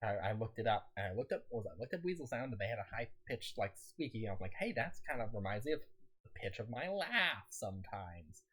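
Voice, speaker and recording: A man streaming a game, chatting casually to viewers in a rambling way, laughing often and talking on in a raised pitch, his throat a little scratchy. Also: very animated, fast talker, a bit bright, slightly rough.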